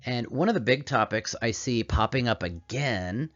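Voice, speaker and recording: A man hosting a career coaching show, giving a calm, meditative solo presentation in a put-on radio voice. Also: medium pitch, moderate pace. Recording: slightly dull audio with soft background music. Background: calming music.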